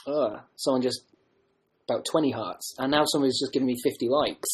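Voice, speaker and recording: A man chatting loosely to his livestream viewers, his voice slightly husky. He jokes at his own expense and wanders from thought to thought. He is heard through a home webcam mic. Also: mid-range voice, fairly quick, rough recording. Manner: joking, rambling, self-mocking. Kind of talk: rambling casual livestream chat.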